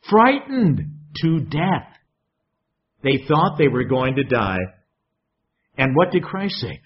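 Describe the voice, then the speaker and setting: A lively, chatty male pastor with a slightly high voice delivers a conversational sermon, asking the congregation questions. The recording is muffled, dull and lo-fi.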